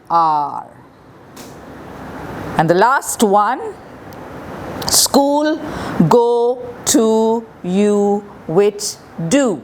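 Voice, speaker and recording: A woman's voice: medium pitch, slight background noise. A woman teaching a primary school English grammar lesson with an Indian English accent, patiently repeating the rules step by step. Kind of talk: slow classroom grammar lesson.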